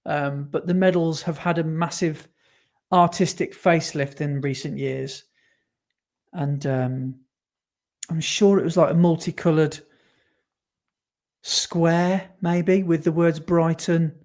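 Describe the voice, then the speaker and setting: A man's voice: fairly high pitch, fairly even intonation, slow, pauses often, a little mellow. Chatty man co-hosting a podcast. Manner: chatty, rambling, self-correcting. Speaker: podcast co-host. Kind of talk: casual chat.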